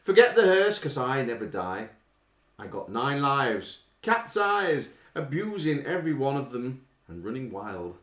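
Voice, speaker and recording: A man's voice: mid-range voice, very animated, reverberant. Playful man reading quiz lyrics. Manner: playful, reads lyrics with exaggerated drawn-out delivery. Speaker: quiz host. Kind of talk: casual live quiz hosting, reading lyrics aloud.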